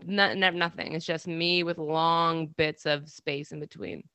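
A woman talks casually as a podcast guest, poking fun at herself and breaking into laughter mid-sentence. Her voice is bright and forward, and the sound is dry and close with no room around it. She wanders and restarts her thoughts in a loose, chatty way. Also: low voice, fairly even intonation, unhurried, smooth, dry recording. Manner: self-deprecating, laughs through her words, rambling restarts. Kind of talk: casual interview chat.

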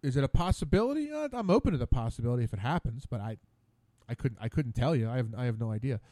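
A man's voice: medium pitch, very animated, quick pace, dark tone, no room sound. Stammering, exasperated male radio host. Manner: stammering, repeating words, exasperated. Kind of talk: casual rambling monologue. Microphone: studio mic.

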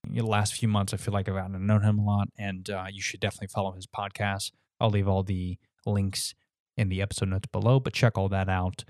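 A man's voice: lowish voice, flat delivery, fast, darkish tone, no room sound, clean studio sound. Laid-back swearing male podcast host. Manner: laid-back, swears freely, many fillers. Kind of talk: casual podcast chat.

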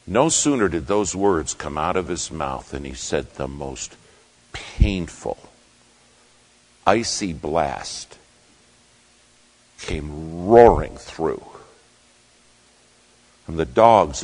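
Slow, deep-voiced man telling a story. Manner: slow, deep-voiced storyteller acting out quotes, shouting dog commands. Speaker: preacher. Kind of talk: dramatic sermon storytelling.

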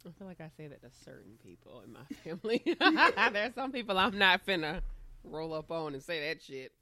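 A woman's voice: deep voice, big pitch swings, fairly quick, pushed and bright. A young adult woman co-hosting a podcast, telling salty, laughing stories in casual chat. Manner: salty, laughing, profane storyteller. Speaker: podcast co-host.

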